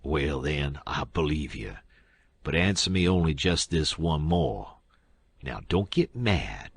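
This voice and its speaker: A man voicing a sly older male con man who drawls and answers with sarcasm, his voice husky. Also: extremely low pitch, lively intonation, slow, voice pushed down, heavily acted. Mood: pleading.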